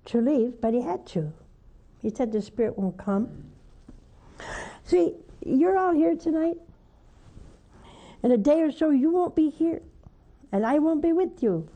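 An older woman preaching as a nun on a call-in program, slow and deliberate in her delivery. Her voice is very dark and mellow, sitting a little high. She coaxes and pleads fervently, climbing to high emphatic peaks. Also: highs cut off. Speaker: nun hosting a call-in show. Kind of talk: preaching and answering callers.

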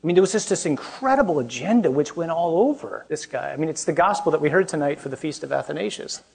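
Fast and animated, a man preaching as a parish priest has a voice on the high side that's creaky, a little mellow, with a breathy edge. Addressing a young audience, he jokes at his own expense, keeps it conversational, and often asks questions.

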